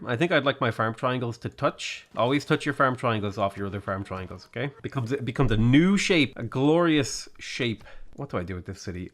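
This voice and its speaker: A man's voice: mid-range voice, a bit bright. Young male gaming YouTuber, casual commentary, mid-range voice, playful asides. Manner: chatty, rambling, playful asides and hums.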